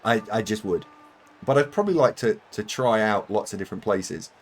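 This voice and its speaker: A man's voice: on the low side, a little fast. A British man chatting casually to his viewers while streaming a game, rambling and self-mocking with frequent laughs. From United Kingdom. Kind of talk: live-stream chat while gaming.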